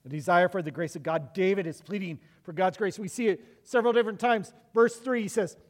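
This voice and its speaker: In a large hall with a long echo, a middle-aged man preaches as pastor, spinning stories in an easygoing, conversational style full of restarts. He talks a little fast, and his voice is somewhat higher than typical for a man.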